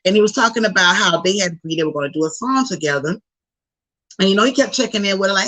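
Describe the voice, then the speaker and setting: A woman hosting a podcast, chatting casually about celebrity gossip with animated, slangy asides to her listeners. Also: mid-range voice, a little fast, poor audio. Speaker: podcast host.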